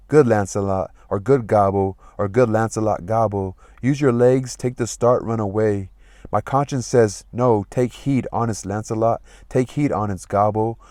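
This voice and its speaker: A man's voice: fairly low pitch, darkish tone, no room sound, studio quality, natural voice. A man voicing a comic young male servant, reading the old lines plainly and then retelling them in everyday speech. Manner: reads old verse plainly, then retells it in modern slang.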